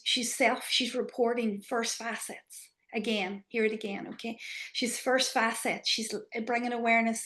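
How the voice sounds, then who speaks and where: A woman teaching an online class on body awareness, asking the group probing questions and sometimes dropping to a soft whisper. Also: a little high. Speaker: embodiment trainer.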